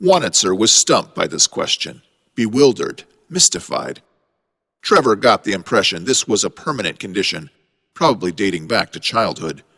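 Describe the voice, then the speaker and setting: A man reads a mystery story aloud with dramatic, wry narration. His voice is fairly low but moves a lot in pitch, and the recording has a long hall reverb. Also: big pitch swings, normal speed, vocal fry, bright, forceful tone, husky.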